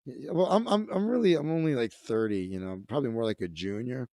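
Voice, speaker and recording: A man's voice: on the high side, expressive, a little fast, creaky, no echo, studio quality. Profane, rambling comedian in his thirties. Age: 30s. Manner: profane, rambling, self-interrupting. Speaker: comedian and magician hosting a livestream. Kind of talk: casual comedic rant.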